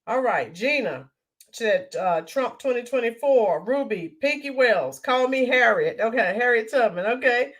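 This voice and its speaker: Reading viewers' comments on her live stream, a woman with a fairly high, expressive voice keeps a measured pace. The commentary host sounds indignant and emphatic, mocking the quotes she reads.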